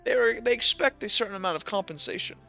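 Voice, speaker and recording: Bright-voiced male game master. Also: on the high side, moderate pace. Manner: loose, filler-heavy narration. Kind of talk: narrating a tabletop game. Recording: dull lo-fi audio with faint music.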